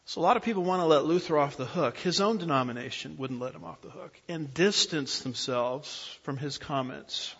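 A man preaching an expository Bible lesson, pausing to ask his listeners to fill in the blanks. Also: a little high, a bit bright, husky. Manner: asks the audience fill-in-the-blank questions. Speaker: pastor teaching a Bible class. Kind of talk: expository sermon lecture. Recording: dull audio with long hall reverb.

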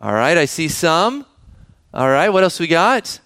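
A man's voice: fairly high pitch, sing-song, a little slow, a bit bright, smooth, no echo, clean studio sound. A man preaching a sermon, reading scripture aloud and asking the children in the congregation questions. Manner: engaging, asks the children questions. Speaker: pastor.

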